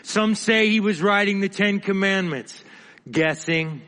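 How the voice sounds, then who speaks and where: A man preaching a sermon, dramatic, swinging between emphatic lines and quiet, hushed asides. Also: sits high, unhurried, in a large hall.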